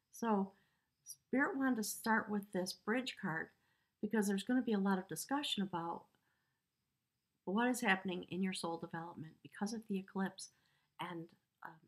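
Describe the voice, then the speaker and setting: A woman's voice: mid-range voice, slightly rough. A woman giving a spiritual tarot reading, earnest and emotional, rambling with fillers. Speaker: tarot reader.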